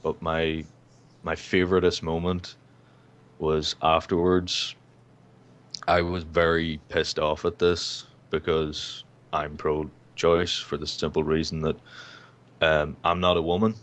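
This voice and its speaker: A man's voice: a bass voice, flat delivery, slow pace, a bit bright. A nineteen-year-old man co-hosting a casual online chat, ranting and swearing freely. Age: young adult, 19. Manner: profane, ranting. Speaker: co-host.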